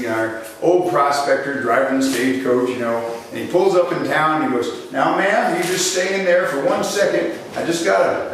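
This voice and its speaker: In an echoey hall, picked up by a distant mic with slight background noise, a medium-pitched sales trainer teaches a live seminar. He tells animated stories, acts out different voices, and puts questions to his audience.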